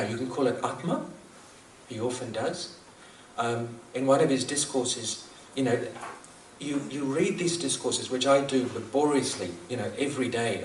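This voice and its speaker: This New Zealand man's mid-range voice carries a reflective, earnest talk on spiritual matters in which he repeats himself and chuckles at his own humor. Slight background noise, an echoey room, and a distant mic color the recording.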